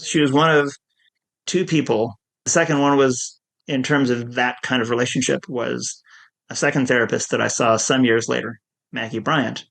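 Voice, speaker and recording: A middle-aged man with a gravelly, fry-tinged voice, speaking at an ordinary mid pitch. He tells his recovery story candidly and pokes fun at himself. He laughs easily as he speaks as an interview guest. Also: fairly even intonation, normal speed, a bit bright. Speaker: guest, addiction counselor.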